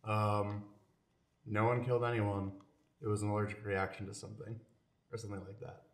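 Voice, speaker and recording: A man's voice: lowish voice, level tone, a little fast. A young man co-hosting a movie podcast, making wry joking asides. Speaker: podcast co-host. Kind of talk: casual chat about movies. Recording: roomy echo.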